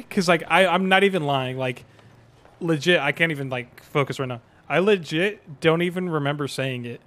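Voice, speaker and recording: A young man streaming a game live, chatting to viewers in slang and bursting into excited yells. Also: fairly high pitch, normal speed.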